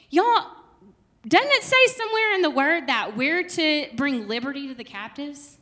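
A woman's voice: high voice, a bit bright. A young woman, teaching a Bible study in a casual, chatty way with laughing asides.

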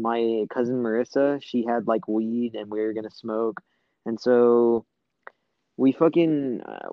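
A man's voice: mid-range voice, dry recording, dull audio. A young man telling a long story in casual chat, rambling with lots of fillers and swearing.

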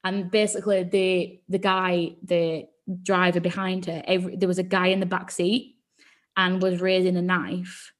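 A woman's voice: lowish voice, little pitch movement, moderate pace. A woman co-hosting a podcast, telling a story in casual, rambling chat, swearing freely and filling with "like". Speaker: podcast co-host.

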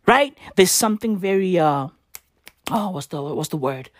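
A woman's voice: fairly low pitch, expressive, moderate pace, no room sound, clean studio sound. A young woman, ranting in slangy, profane commentary and repeating tag questions. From South Africa. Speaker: vlogger.

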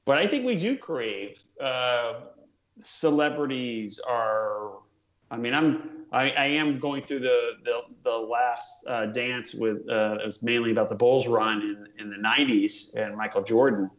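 A man's voice: mid-range voice, a little slow, echoey room, muffled recording. A man co-hosting a podcast in casual chat, reflective and hesitant. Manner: reflective, hesitant, many fillers. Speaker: podcast co-host.

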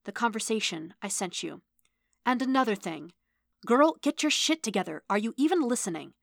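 A woman voicing an earnest, guarded male android who speaks softly, almost in a whisper. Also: mid-range voice, moderate pace, creaky, no room sound, clean studio sound. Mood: terse, pressing. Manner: hushed, near-whispered.

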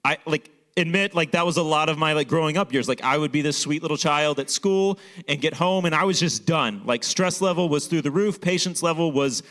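A man's voice: fairly high pitch, fairly quick, hardly any pauses, a bit bright. Casual young male pastor preaching. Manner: casual storytelling with frequent fillers. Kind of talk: sermon.

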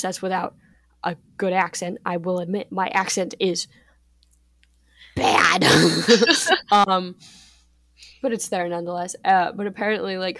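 A teenage girl co-hosting a podcast, chatting in a relaxed way and laughing often. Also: fairly low pitch, no room sound. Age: teens. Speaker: podcast co-host. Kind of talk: casual chat.

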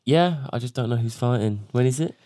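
A man's voice: medium pitch, brisk, warm tone, no room sound, clean studio sound. A young man co-hosting a casual chat, easygoing and trailing off with fillers.

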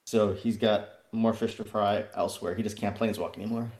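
A man's voice: fairly low pitch, fairly even intonation, brisk, darkish tone. A man chatting on a podcast as a player, telling stories in a rambling way and laughing often. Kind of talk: casual chat.

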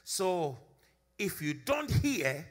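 A man's voice: sits high, big pitch swings, very slow. A man preaching a sermon to a congregation. He leads a prayer, repeats key phrases for emphasis and calls on the listeners to answer back. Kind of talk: sermon with prayer and call-and-response. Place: church service.

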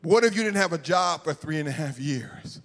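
A male pastor preaching a sermon live in a church, chanting in a sing-song way that climbs into shouts. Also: a little high, lively intonation, a little fast, creaky. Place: church sanctuary. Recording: live church hall with reverb and faint music.

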